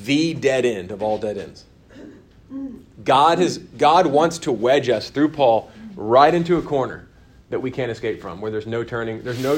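A man leads a Bible lesson in a church classroom. He talks easily with the group, picking up their remarks. His voice is mid-pitched and often sinks low and quiet to stress a point. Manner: conversational, answers class comments, drops to quiet emphasis. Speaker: church course teacher.

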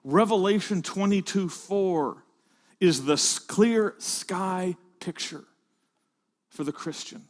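A man preaching a sermon to fellow pastors, rising to loud emphatic peaks and dropping to hushed phrases. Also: high voice, takes it slowly.

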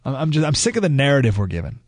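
A man's voice: mid-range voice, big pitch swings, rapid-fire, a little mellow, dry recording. A man hosting a radio talk show, delivering an opinionated monologue with emphatic restarts and asides, recorded on a studio microphone.

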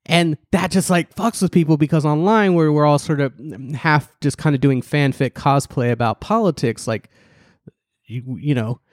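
Male podcast co-host, wry and animated, acts out quotes, dry studio sound. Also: moderate pace, no echo. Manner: animated, ironic, restarts and leaps in pitch for emphasis; acts out quoted people in mocking voices. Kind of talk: casual political podcast chat.

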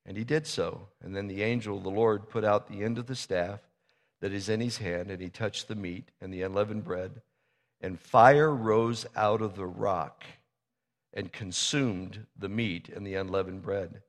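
A man's voice: lowish voice, normal speed. A man preaching a sermon, retelling a Bible story in a casual, conversational way and acting out the characters' lines. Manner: storytelling, conversational, acts out biblical dialogue. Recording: reverberant hall.

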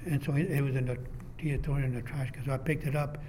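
Older man telling animated stories. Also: medium pitch, fast, slight background noise. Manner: rambling, animated storyteller who acts out quoted dialogue. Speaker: retired architectural designer. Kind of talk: oral history interview.

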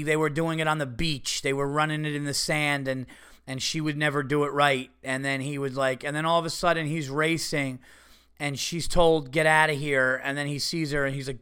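A man's voice: a little high, fairly bright tone, clean tone. A middle-aged man hosting a podcast, ranting in a profane, repetitive, emphatic way. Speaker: podcast host. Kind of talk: casual solo podcast rant.

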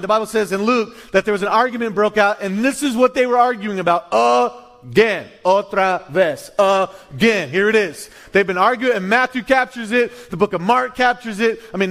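A middle-aged male pastor delivers a sermon in a very high voice. He's animated and tells stories, acting out little character voices, and restarts his sentences many times.

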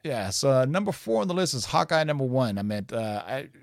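A man hosting a casual podcast, rambling through stories with frequent laughs. His voice sits at a middling pitch and sounds dry and close, with no room around it. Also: brisk, gravelly, dry recording. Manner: rambling, laughs often, animated storyteller. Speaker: podcast host. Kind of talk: casual chat.

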